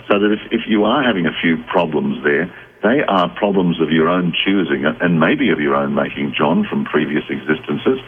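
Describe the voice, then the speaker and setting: A man who is a psychic guest on a radio call-in show, explaining in a measured, reflective way with restarts. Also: extremely low pitch. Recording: tinny phone line with faint noise.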